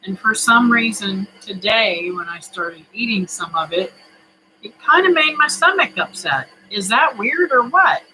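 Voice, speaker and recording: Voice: mid-range voice, lively intonation, a little slow, pushed and bright, a little hiss or hum, low-quality recording. A homesteading vlogger chatting casually to camera in a home kitchen, folksy and rambling, with many fillers.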